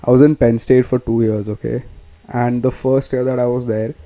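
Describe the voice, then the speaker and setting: A man's voice: medium pitch, level tone, normal speed, mellow, poor audio. A young man from Bombay with an Indian English accent, ranting casually as a podcast host, cursing and switching between Hindi and English. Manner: profane, rambling, mixes Hindi and English. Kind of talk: casual rant.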